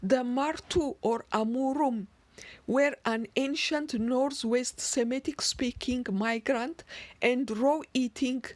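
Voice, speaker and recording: A woman slowly explaining word origins in a lecture, deliberate, with occasional restarts. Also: sits high, steady tone, no echo. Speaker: narrator.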